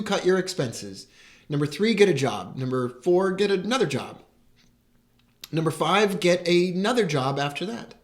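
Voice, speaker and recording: An excitable man, hosting a live broadcast and greeting his viewers with enthusiasm. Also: a little high. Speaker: host.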